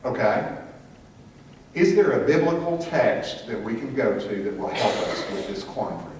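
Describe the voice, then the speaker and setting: A man's voice: medium pitch, animated, normal speed. Man teaching a church class, echoey. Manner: asks the class questions, calls on people by name. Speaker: Sunday school teacher. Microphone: room mic from a distance. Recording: echoey room from far off, faint hiss.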